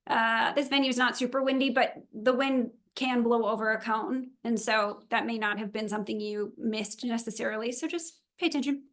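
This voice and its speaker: A woman's voice: a little high, steady tone, normal speed, hardly any pauses, a bit bright. A woman briefing a virtual meeting for event volunteers and drivers, upbeat, chatty and practical. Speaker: event organizer.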